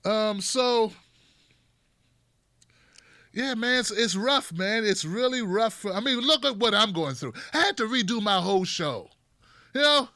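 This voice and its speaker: A man hosting a comedic political commentary show, talking in an animated, sarcastic and profane way. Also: high voice, a little slow, long pauses, dry recording. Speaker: host.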